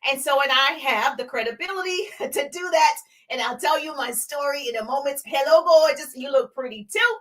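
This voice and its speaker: A woman's voice: high-pitched, a little fast, hardly any pauses, pushed and bright. A woman with a Southern accent from Georgia hosting a live business Q&A stream, greeting viewers in a bubbly, sing-song way before teaching.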